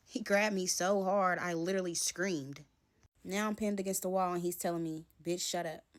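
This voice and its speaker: A woman's voice: fairly low pitch, moderate pace. Woman telling a dramatic storytime. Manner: animated, dramatic retelling in casual slang. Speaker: storytime vlogger. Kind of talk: casual storytime narration.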